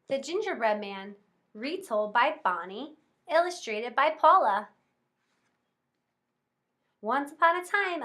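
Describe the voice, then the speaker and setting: A woman reads a children's storybook aloud in a high, bright voice. Her telling is expressive and rhythmic.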